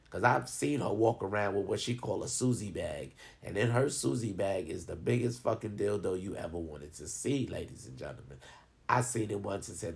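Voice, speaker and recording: A man telling a rambling, profane personal story and giving advice to his viewers in a casual, animated way. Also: deep voice, fairly quick, gravelly.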